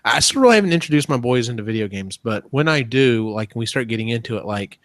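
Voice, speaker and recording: A man's voice: medium pitch, animated, quick pace, fairly bright tone, dry recording, clean studio sound. A man in his thirties hosting a casual podcast, rambling with many ums and restarts. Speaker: podcast host.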